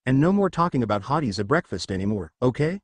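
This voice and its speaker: A man's voice: medium pitch, big pitch swings, fast talker, no room sound. A man voicing a kindly, mildly lecturing middle-aged father in a read-aloud story, close to his own voice. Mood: fatherly.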